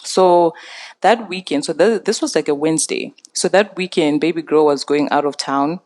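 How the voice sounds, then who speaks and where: A young adult woman telling a story in casual chat, animated and laughing often. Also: deep voice, normal speed. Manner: animated, laughs often, acts out quoted voices.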